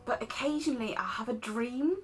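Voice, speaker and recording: A woman's voice: a little high, fairly quick, soft background music. A woman chatting casually with a relative, blunt and laughing. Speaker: family member joining the host. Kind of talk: casual chat.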